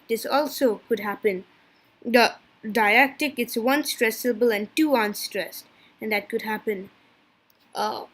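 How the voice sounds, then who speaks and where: Halting woman giving a class presentation. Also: fairly high pitch, breathy edge. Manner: halting, stumbles over technical terms. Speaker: student presenter. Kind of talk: reading a class presentation from slides.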